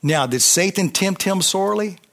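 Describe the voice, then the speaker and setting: A man preaching a sermon, fervent, with call-and-response and swings between loud emphasis and quiet intensity. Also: high voice, animated, normal speed, vocal fry.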